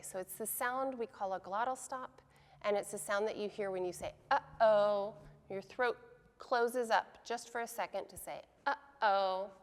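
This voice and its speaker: Patient woman teaching pronunciation, gravelly. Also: medium pitch, big-room sound. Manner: patient, explains slowly, models words repeatedly. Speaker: language teacher. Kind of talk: pronunciation lesson.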